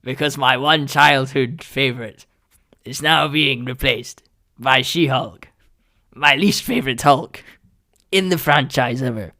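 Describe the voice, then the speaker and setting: A man's voice: fairly high pitch, unhurried, pushed and bright, dry recording, studio quality. A young man hosting a solo podcast, ranting in an exasperated, sarcastic way. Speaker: podcast host.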